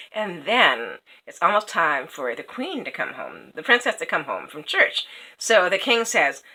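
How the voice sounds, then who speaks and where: A woman's voice: medium pitch, very animated, normal speed, pushed and bright, rough recording. A woman casually retelling a fairy tale, chatty, with many fillers and asides. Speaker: storyteller.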